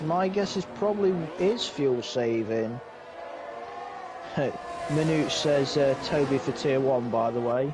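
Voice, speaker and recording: A man giving color commentary on a sim racing league race, hedging and halting as he explains what he sees. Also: mid-range voice. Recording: noisy game car engine sound behind. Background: racing game engine noise.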